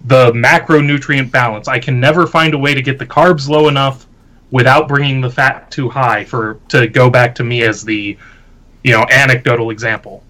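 Bright-voiced blunt Southern man. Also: mid-range voice, steady tone, moderate pace, low-quality recording. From Southern United States. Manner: blunt, swearing, argumentative. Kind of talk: casual debate chat.

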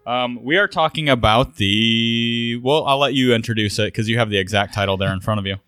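Bright-voiced man teasing his co-host. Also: mid-range voice, brisk, clean tone, no echo, faint music behind. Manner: wry, teasing banter. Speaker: podcast co-host. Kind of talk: casual chat.

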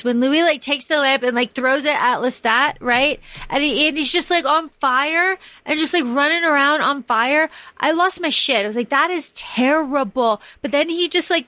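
A woman hosting a podcast, talking casually in an animated, profane way, with lots of fillers and restarts. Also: sits high, no echo. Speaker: podcast host. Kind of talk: casual chat.

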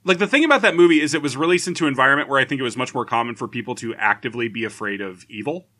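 A man co-hosting a podcast, talking in loose, teasing banter. His voice is bright and cutting, and his pitch leaps around freely. He swears often and mocks with relish. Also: expressive, racing. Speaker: podcast co-host. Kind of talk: casual chat.

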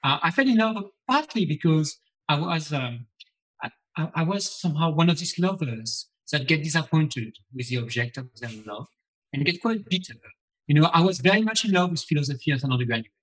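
A man's voice: fairly high pitch, expressive, brisk, a bit bright, poor audio. A middle-aged man from France with a French accent, answering interview questions as a philosophy professor, thoughtful and prone to repeating himself as he restarts sentences. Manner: thoughtful, with frequent repetitions and restarts.

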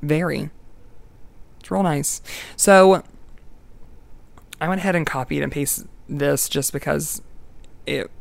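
Playful gravelly podcast host. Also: mid-range voice, slow, pauses often, no echo. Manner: playful, jokey, laughs often. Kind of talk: casual storytelling chat.

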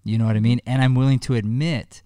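A man's voice: medium pitch, steady tone, fast talker, dark tone, no echo, studio quality. A man talking earnestly in a heartfelt one-on-one conversation, telling a personal story with frequent restarts.

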